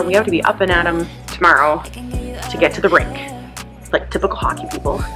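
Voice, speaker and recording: A woman in her thirties chatting casually to the camera about her meals and errands, upbeat and full of fillers. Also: on the low side. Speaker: lifestyle vlogger. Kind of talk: casual what-I-eat chat to camera. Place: in a parked car.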